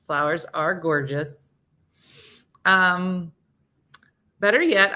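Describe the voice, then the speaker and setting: Bright-voiced woman hosting casual chat. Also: lowish voice. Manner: playful, laughing, mimics pets' voices. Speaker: morning show host. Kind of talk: casual live-stream chat reading viewer comments.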